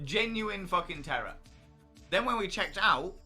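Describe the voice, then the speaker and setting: A man hosting a casual stream, his voice very bright and a little high for a man. He tells stories in an animated way, swears freely and often breaks into laughter. Faint music plays underneath. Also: unhurried. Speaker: streamer host. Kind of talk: casual livestream chat.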